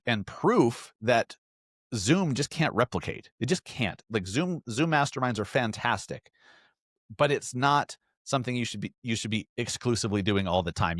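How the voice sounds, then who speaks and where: A man's voice: medium pitch, fairly bright tone, no echo, studio quality. A man hosting a solo podcast, talking earnestly and emphatically with frequent restarts. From Salt Lake area, US. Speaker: podcast host.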